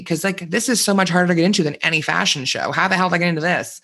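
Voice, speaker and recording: A man co-hosting a podcast in casual chat, telling stories with animated energy, acting out quoted voices and swearing freely. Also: sits high, rapid-fire, vocal fry. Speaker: podcast co-host.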